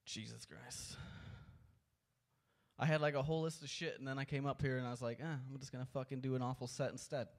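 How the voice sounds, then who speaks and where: A man's voice: medium pitch, steady tone, fairly quick, creaky. A man doing stand-up at an open mic, with a profane, exasperated rant into a handheld mic. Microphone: handheld stage mic.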